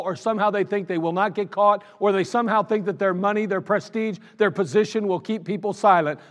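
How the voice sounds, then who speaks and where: A male pastor preaching a sermon, swinging between loud exhortation and low, intimate talk.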